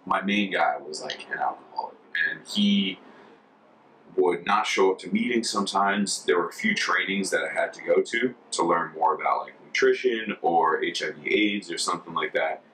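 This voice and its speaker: A young American man in his twenties, a former volunteer, telling stories casually in an interview, chatty and relaxed. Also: sits low, moderate pace. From United States. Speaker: former Peace Corps volunteer. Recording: distant mic with faint ambience.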